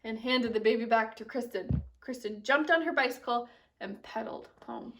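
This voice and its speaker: Bright storytelling teacher, woman. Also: fairly high pitch, moderate pace, recorded from a distance, a little hiss or hum. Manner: animated storytelling with expressive character voices. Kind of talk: reading a picture book aloud to children.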